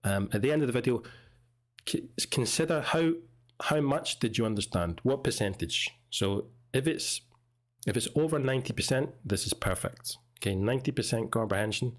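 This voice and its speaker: A man from Scotland with a Scottish accent, teaching English in a relaxed, chatty way as he comments on a video. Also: mid-range voice, moderate pace. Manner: relaxed, chatty, explains pronunciation.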